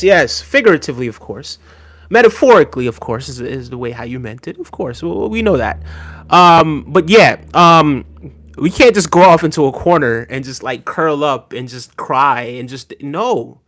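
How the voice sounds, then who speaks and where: While reading his live chat on a podcast livestream, a man speaks at a moderate pace in an animated, fairly bright, high-leaning voice. His tone is conversational and teasing, peppered with "right?" and bits of chuckling.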